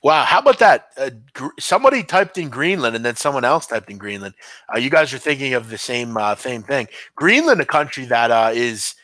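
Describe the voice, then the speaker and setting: Speaking a little fast with big pitch swings, a man at medium pitch hosts a podcast and casually answers viewers in a live stream. The voice is a bit bright and echo-free, and he rambles and hesitates with many ums and restarts.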